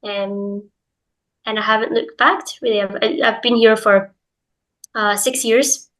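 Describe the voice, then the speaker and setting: Here an English teacher from Glasgow, Scotland, talks informally as an interview guest, her speech peppered with fillers and hedging. She is young, with a light Glaswegian accent, and her mid-range voice stays steady and unhurried with a fairly bright tone. The recording is of poor quality.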